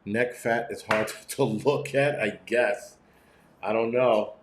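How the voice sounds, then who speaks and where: A man's voice: mid-range voice, steady tone, takes it slowly, roomy sound, noisy background. A middle-aged man hosting a prepping channel, talking in a profane, blunt, rambling livestream rant from home. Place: room at home.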